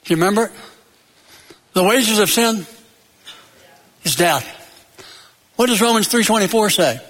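High-voiced preacher in an echoey hall. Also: male voice, animated, measured pace. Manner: emphatic, builds to loud peaks then drops low; tells jokes and stories. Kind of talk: sermon.

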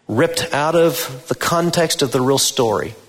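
A male pastor preaching a sermon in a church sanctuary, deliberate and emphatic, lifting his voice on key words. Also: mid-range voice. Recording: long reverb of a large hall.

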